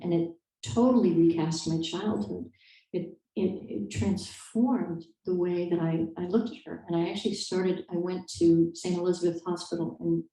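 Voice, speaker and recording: A woman's voice: lowish voice, mellow. A woman author answering interview questions in a thoughtful, hesitant way, with many fillers and restarts. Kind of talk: conversational interview. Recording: echoey room, distant mic.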